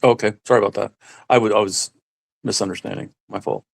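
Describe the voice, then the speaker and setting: A man co-hosting a casual live-stream chat, rambling and halting with many fillers and restarts. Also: fairly low pitch, creaky, slightly rough. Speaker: stream co-host.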